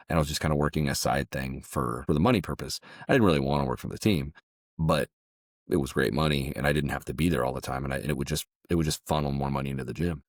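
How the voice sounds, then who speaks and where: Super low-voiced guy on a podcast, kinda halting, repeats himself, dry close mic. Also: no room sound. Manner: halting, repeats words while recounting. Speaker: podcast guest, jiu-jitsu gym owner. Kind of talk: personal storytelling in an interview.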